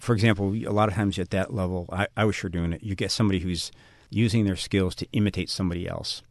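A middle-aged man with a low voice talks fast in a radio interview. He muses and runs himself down, restarting his sentences as he thinks. His voice sounds dry and close to the mic. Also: fairly even intonation, no echo. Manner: self-deprecating, musing, many restarts. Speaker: guest author.

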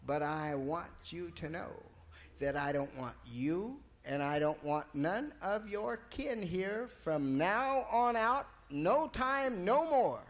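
A man's voice: high voice, expressive, slow pace. A man voicing a tough, stubborn old blacksmith with a folksy, bossy drawl.

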